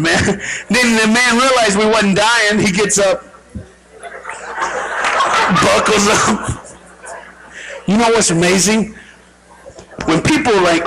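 A man telling a comic story on stage, animated and mimicking voices, laughing as he goes. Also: sits high, creaky, poor audio. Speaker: Christian comedian. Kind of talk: stand-up comedy story. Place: large hall with live crowd. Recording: crowd noise from live audience. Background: audience.

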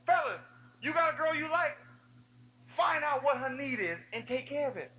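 Lively, bright-voiced man preaching. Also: very high-pitched, moderate pace, slight background noise, rough recording. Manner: animated storytelling with humor; addresses the audience directly. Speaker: youth speaker. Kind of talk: energetic youth sermon.

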